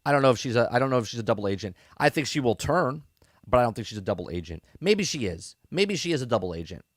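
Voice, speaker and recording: A man's voice: mid-range voice, big pitch swings, quick pace, dry recording, clean studio sound. A man hosting a podcast, giving a casual, rambling review of a TV episode with sarcastic asides. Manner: rambling, checks in with "okay?" and "right?".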